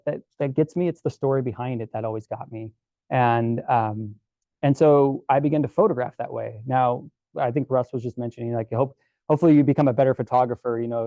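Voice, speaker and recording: A man tells stories in a relaxed, chatty talk to a club audience, stopping and restarting often. His voice is mellow and dark, and the recording is dull and dry. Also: mid-range voice, no echo. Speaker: guest presenter at a camera club. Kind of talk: casual storytelling presentation.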